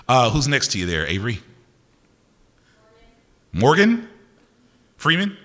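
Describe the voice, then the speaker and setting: A man's voice: mid-range voice, wildly swooping pitch, fairly bright tone. Teasing male poet in a reverberant hall. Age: older adult. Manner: teasing, quick-witted, asks audience names. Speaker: poet performing live. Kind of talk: playful crowd banter between poems. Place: university concert venue with audience. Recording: live hall recording with long reverb.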